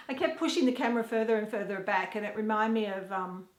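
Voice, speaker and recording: A chatty Australian woman talking to a camera she has set down in her kitchen, rambling as she goes and laughing easily. The room is roomy and echoey around her. Her pitch sits in an ordinary middle range. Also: a little fast. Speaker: vlogger. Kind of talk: casual chat to camera. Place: home kitchen. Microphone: camera set down nearby.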